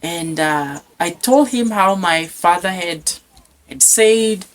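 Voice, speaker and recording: Man, guest storyteller; lively testimony, stammering repeats. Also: high-pitched, takes it slowly. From Kenya. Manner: animated storyteller, stammers and repeats words, acts out voices. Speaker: guest telling his life story.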